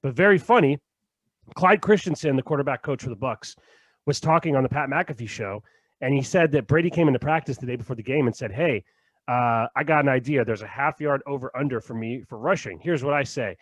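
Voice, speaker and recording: A man in easy podcast chat, swearing freely and breaking into laughter. His pitch sits mid-range, and the dry, close recording has no room sound around him. His sentences often fade to a quiet mumble. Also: fairly quick, no room sound. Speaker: podcast co-host. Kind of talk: casual chat.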